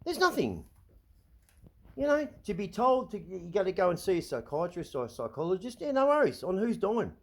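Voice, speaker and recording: A vlog host, this middle-aged Australian man delivers a ranting monologue into the camera, agitated and swearing freely. His voice is slightly higher than most men's, very animated, at a moderate pace, and he trips over his words, repeating and restarting as he vents.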